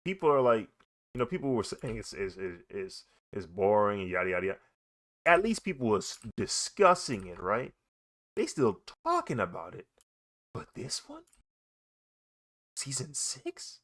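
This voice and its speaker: Animated young man chatting casually. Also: lowish voice, moderate pace, pauses often. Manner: animated, laughing often, playful. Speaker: artist vlogger. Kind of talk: casual chat while drawing.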